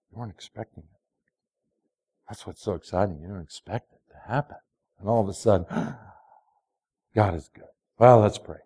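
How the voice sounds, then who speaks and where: A man's voice: mid-range voice, darkish tone. A man in his late sixties preaching a folksy, storytelling sermon, asking the congregation direct questions. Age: 60s. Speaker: pastor.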